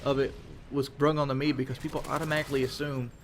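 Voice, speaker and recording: A man's voice: medium pitch, little pitch movement, fast, a little hiss or hum. A man giving a casual monologue as a gaming commentator, frank and rambling, with casual swearing.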